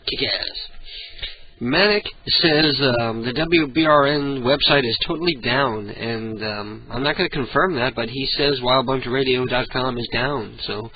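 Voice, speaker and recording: A man's voice: medium pitch, a little slow. A man hosting an internet radio show, rambling and self-mocking with frequent chuckles. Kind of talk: casual radio chat. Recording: muffled lo-fi with faint hiss.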